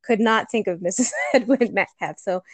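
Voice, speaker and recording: Middle-aged woman, chatty guest, dry close sound, warm easygoing hesitations. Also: mid-range voice, normal speed, no room sound. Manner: chatty, laughs often, hesitant fillers. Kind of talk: casual chat.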